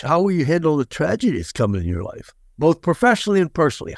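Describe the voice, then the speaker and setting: An older man, a guest on an interview show, telling his story in a lively way with dry humor. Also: fairly high pitch, quick pace, gravelly, hardly any pauses, dry recording. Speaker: guest, former prisoner of war and motivational speaker.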